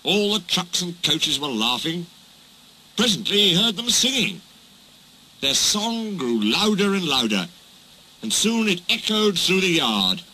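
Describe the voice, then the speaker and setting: Bright, expressive man reading a storybook. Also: sits high, unhurried, slight background noise, poor audio. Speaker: narrator.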